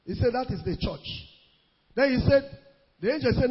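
High-voiced, husky male preacher in a hall. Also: lively intonation. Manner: emphatic preaching that rises into shouts; draws out scripture quotes slowly. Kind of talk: sermon. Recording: lo-fi recording in a reverberant hall.

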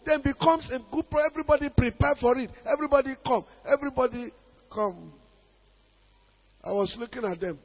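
A Nigerian man preaching a sermon as a pastor, emphatic, with sudden loud bursts. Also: very high voice, brisk, slightly rough, long reverb tail, dull audio.

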